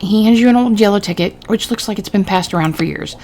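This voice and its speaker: A woman's voice: mid-range voice, fast talker, gravelly, few pauses. A woman gamer reading a story game's narration aloud in a casual way. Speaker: let's-play gamer. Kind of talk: reading game text aloud. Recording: steady background noise.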